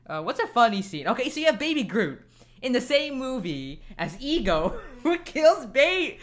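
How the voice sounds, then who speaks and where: A podcast co-host with a very high, fairly bright voice complains about a film at a moderate pace. He's very animated, laughs often, and trips over his words in this casual film-review chat.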